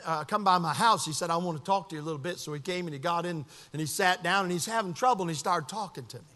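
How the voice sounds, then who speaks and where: Midwestern male preacher, high bright voice, fervent delivery, reverberant hall. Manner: fervent preaching, swinging from shouts to hushed asides. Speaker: pastor. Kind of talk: sermon.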